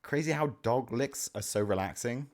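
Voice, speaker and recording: A man's voice: mid-range voice, normal speed. A young man streaming live, chatting casually with his chat, answering questions and swearing offhand. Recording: faint music in the background. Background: faint music.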